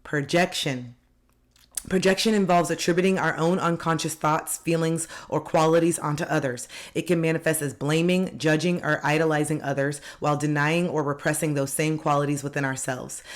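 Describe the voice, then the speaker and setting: A woman's voice: deep voice, steady tone, brisk, few pauses. A woman life coach giving an earnest, direct motivational self-help talk, repeating key phrases for emphasis.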